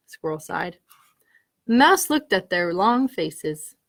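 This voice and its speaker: Animated woman reading a picture book. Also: on the low side, measured pace. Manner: animated, asks listeners questions, gasps at the story. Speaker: children's librarian. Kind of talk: reading picture books aloud to children.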